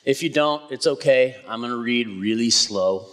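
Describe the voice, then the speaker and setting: A man filling in as preacher, praying and reading scripture in a soft, halting way with fillers and restarts. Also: mid-range voice. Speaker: pastor's son filling in as preacher. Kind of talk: church sermon with prayer and scripture reading. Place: church hall. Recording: live church recording with long hall reverb.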